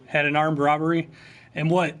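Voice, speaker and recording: Relaxed store owner chatting on stream. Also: male voice, fairly high pitch, normal speed. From Ohio, USA. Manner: relaxed, offhand, answers chat questions. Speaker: game store owner and livestream host. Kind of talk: casual livestream chat. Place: game store counter. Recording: noisy store recording.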